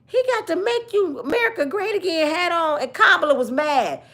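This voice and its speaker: A woman's voice: very high-pitched, expressive, moderate pace, fairly bright tone. A woman doing casual comedic commentary, joking and cussing as she talks to her viewers. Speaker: YouTube commentator.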